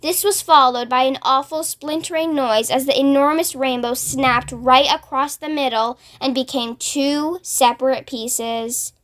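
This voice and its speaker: A woman reading a children's book aloud in an expressive storytelling manner. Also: high voice.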